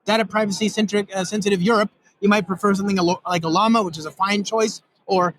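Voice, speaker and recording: Guy talking super fast about code, high voice, rambly n excited, lots of uhs. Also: rough recording. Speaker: guest developer demonstrating software. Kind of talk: casual technical chat with live demo. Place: recorded in Europe.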